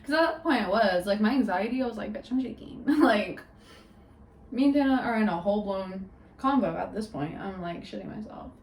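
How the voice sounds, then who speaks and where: A woman's voice: mid-range voice, animated, brisk, reverberant, recorded from a distance, slight background noise, poor audio. A young woman vlogging at home, telling a story in a rambling, chatty way full of "like" and "literally". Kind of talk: casual storytime vlog.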